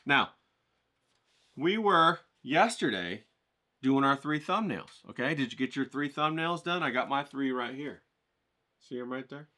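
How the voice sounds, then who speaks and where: A man teaching an art class in a motivational, coaching way, often checking in with the listener and rising with excitement. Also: unhurried, pauses often. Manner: animated, rises in pitch when excited.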